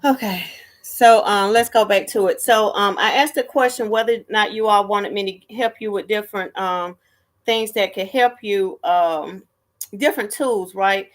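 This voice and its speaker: A woman's voice: medium pitch, normal speed. A woman hosting a casual live stream, chatty and greeting viewers by name.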